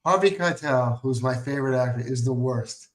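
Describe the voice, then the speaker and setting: A man trading wry, deadpan quips in a casual chat as co-host. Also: medium pitch, normal speed.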